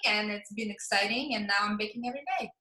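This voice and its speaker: A woman co-hosting a dance talk show over a video call, talking eagerly and excitedly. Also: mid-range voice, fast talker, echoey room. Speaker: host. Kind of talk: casual talk-show chat.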